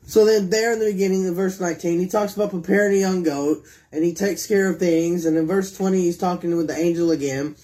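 A man's voice: high-pitched, fairly even intonation, fast talker, few pauses, dark tone. A man preaching a sermon, retelling scripture in his own words and putting direct questions to his listeners.

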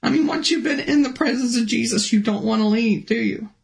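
A woman telling a personal testimony in a halting, restart-filled way, her voice rising high and emotional when she recalls pleading. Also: gravelly, poor audio. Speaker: guest telling a near-death testimony. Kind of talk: personal testimony, casual storytelling.

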